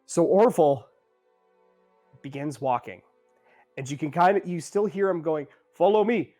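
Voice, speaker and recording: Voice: mid-range voice, a little slow, dark tone, faint music behind. A game master narrating a tabletop game in a casual, rambling way, full of fillers and self-corrections.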